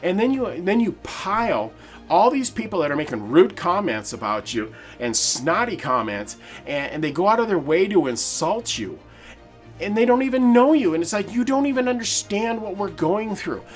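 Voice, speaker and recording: Man, forties, podcast host; earnest and emphatic personal talk, slightly high voice. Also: big pitch swings, normal speed, faint music behind. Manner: earnest, emphatic, with frequent restarts. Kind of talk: personal monologue.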